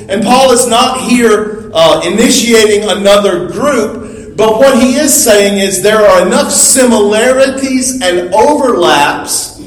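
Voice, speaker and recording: A man's voice: high voice, reverberant, low-quality recording. A man preaching a sermon earnestly, explaining and repeating key phrases with small restarts. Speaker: pastor.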